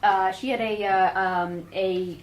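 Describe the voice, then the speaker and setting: A woman in a comedy class who speaks haltingly, full of uh and um. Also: medium pitch, steady tone, background noise. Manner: halting, lots of uh and um. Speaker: comedy student. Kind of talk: casual class discussion. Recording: echoey room with people around.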